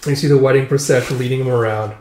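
A man casually recapping a story, stringing scenes together with "it's like" and quick acted-out quotes. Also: mid-range voice, steady tone, a little mellow. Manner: acts out each character with "it's like". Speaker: manga reviewer. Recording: echoey room.

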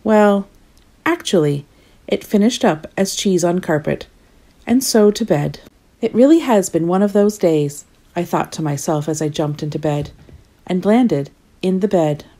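Clumsy good-natured storybook fellow, as a woman reads him, low mellow voice, swooping lively delivery. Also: unhurried. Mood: rueful. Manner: lively, rueful first-person storytelling. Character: clumsy cheerful male storybook character. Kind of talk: storybook reading.

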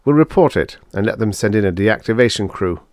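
A man's voice: fairly low pitch, expressive, a little fast, darkish tone, dry recording, close to an everyday voice. A man voicing a thin, dry, sarcastic male space salvager.

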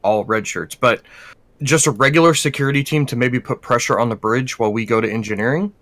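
A man chats casually as a player in a tabletop role-playing game, often stopping and restarting his sentences. His tone is bright and forceful. The sound is dry and close. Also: mid-range voice, a little fast, no echo. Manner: hesitant, trailing off.

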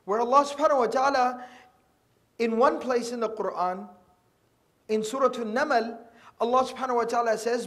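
A man with a strikingly high voice delivers a religious lecture, working through scripture verse by verse. He is earnest and repeats his key points, and he drops in Arabic terms before explaining them. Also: moderate pace, long pauses, fairly bright tone. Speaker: Quran teacher.

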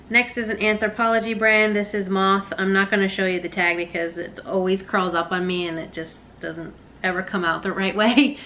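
A woman vlogging a secondhand clothing haul in a casual, chatty way. Her voice is bright and forward, at a middle pitch. She hurries along with offhand asides, and a faint hum sits under her. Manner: quick, chatty, self-deprecating asides. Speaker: reseller vlogger. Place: living room, sitting on the floor.

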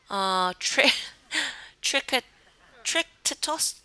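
A woman's voice: on the high side, animated, slow, bright, forceful tone, clear, resonant tone, no echo, rough recording. A woman chatting casually over a life-simulation game, cooing affectionately at her characters. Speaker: gaming channel host. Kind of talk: casual gameplay commentary.

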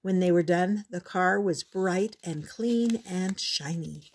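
An older woman gently reading a children's storybook aloud in a measured, unhurried way. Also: lowish voice, slightly rough.

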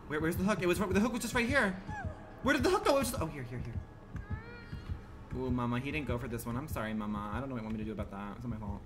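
A man streaming a game live, commenting in a campy, profane way and swinging from low murmurs to shrill outbursts. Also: expressive, rapid-fire, pauses often, music in the background.

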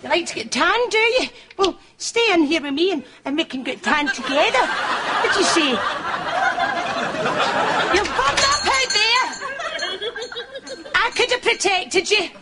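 A woman's voice: medium pitch, animated, a little slow, pauses often, over a noisy crowd, natural voice. A woman with a Scottish accent playing a lonely, needy shop assistant who flirts with a customer, in a TV sketch. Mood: flirty. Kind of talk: television sketch comedy. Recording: studio audience laughter, background noise.

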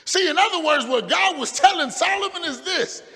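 A male pastor preaching a fervent sermon, dropping to quiet asides and rising to shouts. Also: very high-pitched, expressive, normal speed, long reverb tail. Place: church sanctuary.

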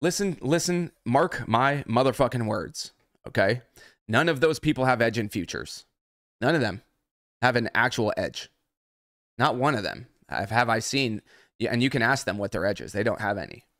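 During a livestream, a male trading mentor unleashes an angry rant packed with swearing. He speaks at normal speed in an expressive, mid-range voice with a fairly bright tone, and the clean studio recording carries no room sound.

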